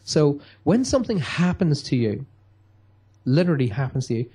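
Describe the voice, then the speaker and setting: A man's voice: a little high, big pitch swings, normal speed, dark tone, slightly rough. A man giving an emphatic motivational talk, acting out quotes in a radio-style chat. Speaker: guest speaker.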